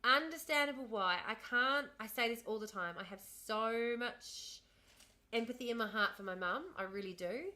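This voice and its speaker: An Australian woman in her thirties chats casually with viewers on her livestream, wandering between topics and laughing often. Her voice is bright and slightly high. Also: moderate pace. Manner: chatty and rambling, laughs often, answers chat. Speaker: livestream host.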